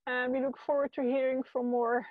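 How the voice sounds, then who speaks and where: A woman with a high voice hosts the wrap-up of an online event, sounding a little hurried and flustered. Her audio is dull and dry, with a lo-fi quality. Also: flat delivery, no room sound. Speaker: event host. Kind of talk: casual hosting on a video call. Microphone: video call.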